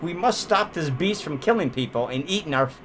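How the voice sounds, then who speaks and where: A man's voice: a little high, animated, a little fast, fairly bright tone, a little hiss or hum. A man reviewing an old movie in a casual, profane, rambling way, laughing often.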